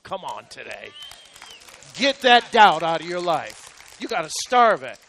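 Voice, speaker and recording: A man's voice: very high-pitched, fairly bright tone, long reverb tail. A man preaching a sermon as pastor, with emphatic, repetitive exhortation.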